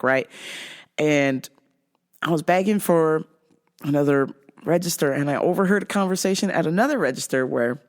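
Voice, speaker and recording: A woman casually telling funny stories from her cashier job, giggling often and swearing freely. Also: deep voice. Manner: giggly, profane, animated. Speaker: vlogger and store cashier. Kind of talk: casual comedic storytelling.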